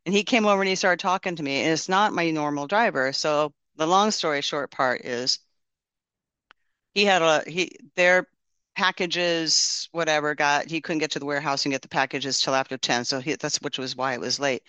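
A man's voice: fairly high pitch, normal speed, pushed and bright, smooth, no room sound. A man casually sharing a testimony and praying, telling his story in an earnest, rambling way with many restarts.

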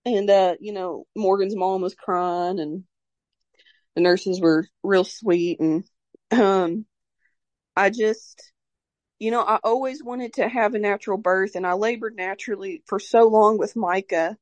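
The recording is dry with the highs cut off as a young mother, speaking a little slowly in a steady, medium-pitched voice, recounts her birth story. She rambles with plenty of "like" and fillers, openly emotional and devout.

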